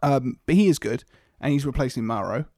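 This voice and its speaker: Casting note: English man, mid pitch, casual co-host banter, dry close recording. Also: lively intonation, a little fast, darkish tone, dry recording. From England. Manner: chatty, laughs often, tries impressions. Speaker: podcast co-host. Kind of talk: casual chat.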